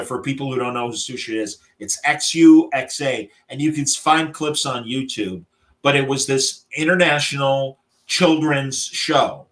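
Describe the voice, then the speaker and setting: A man's voice: mid-range voice, fairly bright tone. A man hosting a podcast in casual, jokey chat, often breaking into silly voices. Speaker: podcast host.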